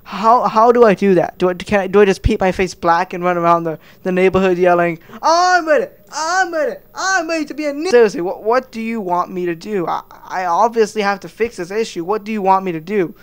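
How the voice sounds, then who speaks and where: A man's voice: high voice, steady tone, fairly quick, hardly any pauses, smooth. A man giving heated, crude reaction commentary, stammering through many restarts. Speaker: commentary vlogger.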